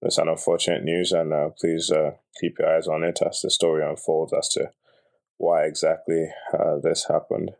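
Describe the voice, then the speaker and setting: Young man, very deep voice, gravelly, flat and solemn, halting delivery. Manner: hesitant, halting with fillers. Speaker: podcast host. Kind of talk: solemn news announcement.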